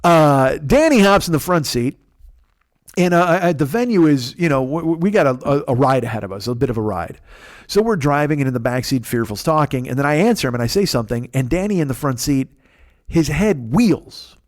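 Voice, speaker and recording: Rambling, profane comedy podcast host. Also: male voice, a little high, expressive, a little fast, no echo, studio quality. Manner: profane, rambling, many restarts. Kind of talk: comedic storytelling monologue.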